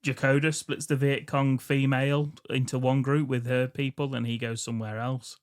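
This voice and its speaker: A man's voice: mid-range voice, level tone, normal speed. Man recapping a film with dry quips. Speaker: podcast co-host. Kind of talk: casual comedic film chat.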